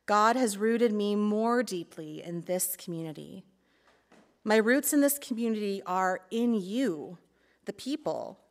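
A woman community life pastor giving a reflective sermon talk in church, playful and laughing at times, then earnest. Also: medium pitch.

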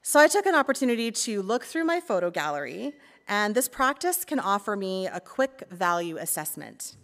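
A woman's voice: medium pitch, big pitch swings, normal speed, a bit bright. A woman community life pastor giving a reflective sermon talk in church, playful and laughing at times, then earnest.

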